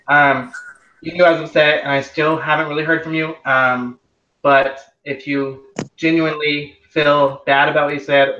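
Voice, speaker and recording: Distant echoey young man rambling. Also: medium pitch. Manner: rambling, animated, heavy filler words. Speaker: eliminated contestant. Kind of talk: casual aftershow chat. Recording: echoey, distant, dull lo-fi sound.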